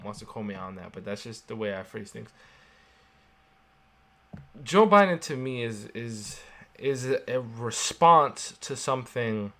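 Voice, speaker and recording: A man's voice: medium pitch, animated, measured pace, pauses often, pushed and bright. Blunt, emphatic man on a podcast. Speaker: podcast co-host. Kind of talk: casual chat.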